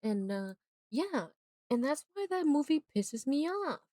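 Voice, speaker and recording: A young woman streaming while she draws, retelling a film in a rambling, animated way with many fillers, and turning emphatic and indignant when she gives her opinion. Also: high-pitched, a little slow, dry recording. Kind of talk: casual chat while drawing on a livestream.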